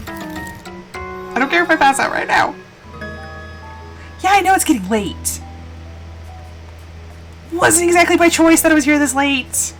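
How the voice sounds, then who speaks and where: A woman's voice: high voice, expressive, unhurried, pauses often. A woman streaming a video game live, talking to herself as she plays, pleading with the game and cheering herself on. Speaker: gaming streamer. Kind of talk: live gameplay commentary. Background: game music.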